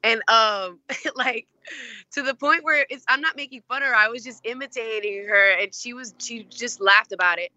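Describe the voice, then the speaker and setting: A woman's voice: fairly high pitch, moderate pace, pushed and bright, no echo, highs cut off. A woman being interviewed as an actress, telling stories in a chatty way with lots of fillers. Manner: chatty, many fillers, acts out quoted voices. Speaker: actress guest. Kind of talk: casual interview storytelling.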